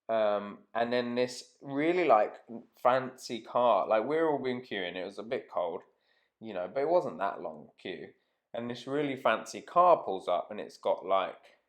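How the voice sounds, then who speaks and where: A man telling a rambling, casual anecdote to camera, swearing freely and trailing off mid-sentence. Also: fairly low pitch. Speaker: vlogger.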